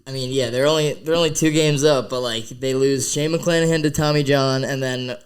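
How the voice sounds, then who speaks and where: A man's voice: medium pitch, steady tone, brisk, clear, resonant tone. A man co-hosting a casual sports podcast, laid-back and rambling, filling his talk with "like" and casual swearing. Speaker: podcast co-host.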